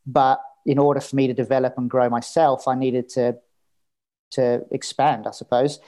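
A man's voice: medium pitch, flat delivery, moderate pace, dark tone. Candid storytelling man, casual podcast guest. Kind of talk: casual interview chat.

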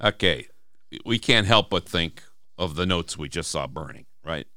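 A man's voice: deep voice, lively intonation, moderate pace, pushed and bright, no room sound, clean studio sound, faint music behind. A man co-hosting a podcast, talking through song lyrics in casual, emphatic chat and acting out quoted lines. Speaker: podcast co-host.

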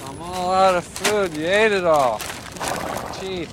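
Soft-spoken sweet guy, very high, slow, lively, film clip, street noise behind. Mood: gentle. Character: gentle hapless man feeding a horse. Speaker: film character.

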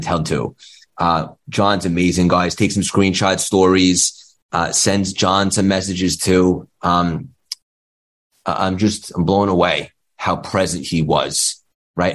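A man hosting a live online community talk, effusive and emotional, stammering over his words. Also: deep voice. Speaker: host.

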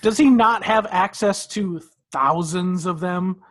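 A man co-hosting a podcast who walks through episode plots at length. His voice sits a little high for a man, and his tone is relaxed and conversational. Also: slow. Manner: storytelling, recaps plot in detail. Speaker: podcast co-host. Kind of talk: casual chat recapping episodes.

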